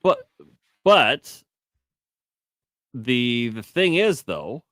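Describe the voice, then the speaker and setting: A man co-hosting a casual news podcast, telling animated stories and swearing freely. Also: mid-range voice, extremely slow, dry recording. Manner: animated storyteller, acts out voices, swears. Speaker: podcast co-host. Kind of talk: casual banter about news.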